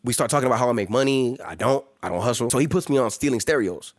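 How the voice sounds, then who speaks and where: A man's voice: mid-range voice, lively intonation, quick pace, no echo, clean studio sound. A man from the Los Angeles area, a podcast guest telling stories in a casual way with lots of profane street slang. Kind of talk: casual storytelling.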